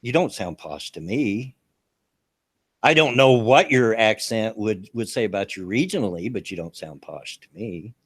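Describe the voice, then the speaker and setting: A man's voice: lowish voice, animated, moderate pace, fairly bright tone, breathy edge, no room sound. Older Southern American man, dry close mic. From United States. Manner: chuckling, folksy. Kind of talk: casual podcast chat.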